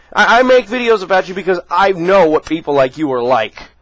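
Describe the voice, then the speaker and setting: High-voiced man in a furious rant. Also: very animated, a little fast, a bit bright, no echo, rough recording. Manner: furious, profane, confrontational. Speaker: vlogger. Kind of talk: angry rant to camera.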